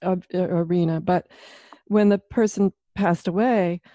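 A woman's voice: on the low side, steady tone, unhurried, mellow, dry recording. Thoughtful woman on a dull, dry line. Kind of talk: casual conversation.

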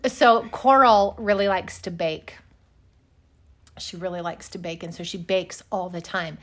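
A woman's voice: lowish voice, steady tone, unhurried, fairly bright tone. A middle-aged woman from Wyoming co-hosting a casual chat, telling stories with sarcasm and swearing freely. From Wyoming, United States. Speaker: podcast co-host.

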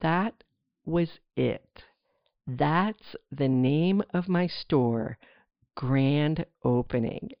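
A middle-aged woman from New Jersey hosting a podcast, telling her story in a chatty, animated way with playful asides to the listener. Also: deep voice, very slow, no room sound. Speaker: podcast host. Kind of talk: casual solo storytelling. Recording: dry, slightly dull lo-fi sound.

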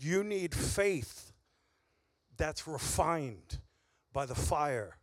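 Slow, high-voiced earnest male preacher. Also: lively intonation, no echo. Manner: earnest, emphatic, with heavy repetition. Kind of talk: sermon.

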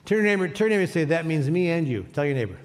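A man's voice: on the high side, animated, very fast. A man preaching a sermon as pastor, leading his congregation in call-and-response. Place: church sanctuary.

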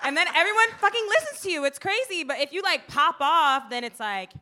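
A woman's voice: very high-pitched, lively intonation, a little fast, bright, forceful tone. A woman co-hosting a podcast in casual chat, playful and theatrical. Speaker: podcast co-host.

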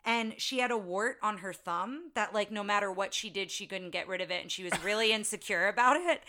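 A woman's voice: mid-range voice, a little fast, bright, forceful tone. A woman co-hosting a casual podcast, telling film trivia in a chatty, storytelling way. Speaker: podcast co-host.

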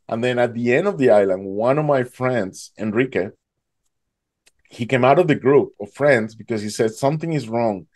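A man telling a dramatic survival story in an animated way, his voice jumping high when he acts out panic. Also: moderate pace. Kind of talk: emotional storytelling.

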